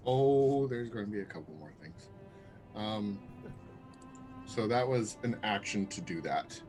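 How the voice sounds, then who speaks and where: A player in a tabletop game who talks slowly and laughs between remarks. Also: medium pitch, lively intonation, a little mellow. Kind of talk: casual tabletop play. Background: music.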